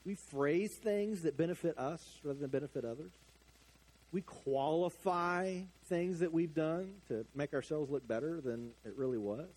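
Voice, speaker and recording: Middle-aged male pastor preaching; expressive, fairly high voice, moves from quiet to emphatic. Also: moderate pace. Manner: animated, swings from hushed to loud emphatic. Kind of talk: sermon.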